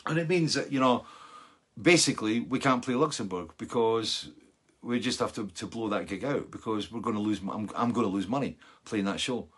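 A Scottish man in his sixties with a husky, low voice, hosting a fan Q&A show. His casual talk wanders, full of fillers and side remarks. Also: normal speed, a bit bright. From Scotland. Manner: loose and chatty, full of fillers and asides. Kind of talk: casual rambling chat.

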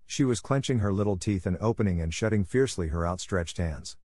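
A man reading a classic novel aloud in steady, measured audiobook narration. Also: low-pitched, dry recording.

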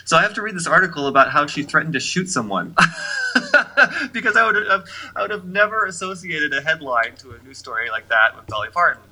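A man's voice: fairly high pitch, big pitch swings, quick pace, pushed and bright, low-quality recording. A man co-hosting a music podcast in casual chat, talking in a chatty way with plenty of "um" and "you know". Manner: chatty, lots of fillers and restarts. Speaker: podcast co-host.

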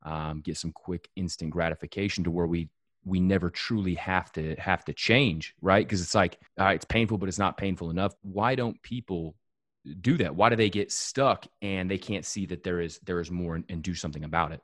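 A man's voice: low voice, normal speed, a bit bright, no room sound, studio quality. A man hosting a podcast in a casual chat, dropping in "dude" and "right" and restarting his sentences.

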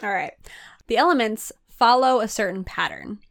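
A woman's voice: a little high, lively intonation, normal speed, creaky, no room sound, studio quality. A woman co-hosting a casual chat, patiently explaining with a giggly, loose manner and lots of "like". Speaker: podcast co-host.

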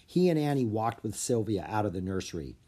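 A narrator reading a children's chapter book aloud with expressive storytelling. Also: medium pitch, a little fast. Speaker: audiobook narrator.

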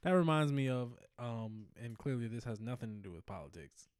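A man's voice: medium pitch, expressive, a little fast, clean tone, no room sound, clean studio sound. A man co-hosting a casual podcast, telling a long story with lots of laughter and acted-out quotes. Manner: rambling, laughs often, acts out quotes. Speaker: podcast co-host.

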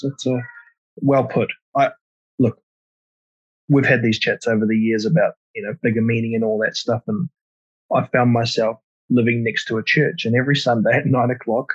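A man hosting a casual podcast interview, relaxed and asking reflective questions. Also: mid-range voice, normal speed, breathy edge, no room sound. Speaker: podcast host. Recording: dull dry lo-fi audio.

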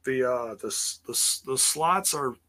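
A man talks slowly and loosely, recapping for his chat. His voice is bright and forward. He drifts into sarcastic asides and filler words. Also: mid-range voice, lively intonation. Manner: rambling, sarcastic asides, frequent ums and laughs. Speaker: wrestling show recap host. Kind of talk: casual livestream recap chat.

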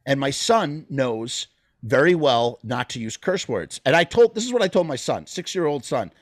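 A man's voice: medium pitch, big pitch swings, normal speed, no echo, studio quality. A man in his thirties on a casual podcast, rambling emphatically and swearing freely as he tells a story. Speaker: podcast co-host.

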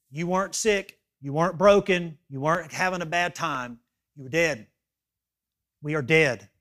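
Preaching with emphasis, this man swings between quiet asides and loud appeals, repeatedly asking the congregation "okay?". His pitch is on the high side.

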